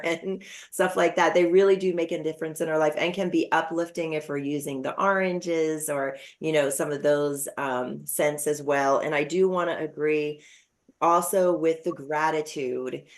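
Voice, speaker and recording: A woman's voice: low voice, fairly even intonation, normal speed. A middle-aged woman hosting a podcast interview, chatting casually with lots of fillers and personal stories. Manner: chatty, warm storytelling with frequent fillers. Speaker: podcast host.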